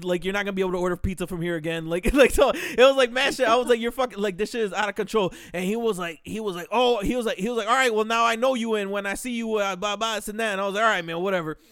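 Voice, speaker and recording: A young man telling a story on a podcast, animated and profane, acting out the quotes loudly. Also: high voice, smooth, no echo, studio quality. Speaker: podcast host. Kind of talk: casual storytelling.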